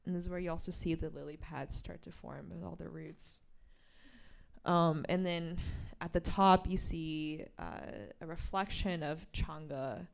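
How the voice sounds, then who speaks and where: A woman author reading from her graphic memoir and explaining its pages, a lively storyteller who acts out the quoted lines. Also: low-pitched, a little slow, vocal fry. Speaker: author at a bookstore event.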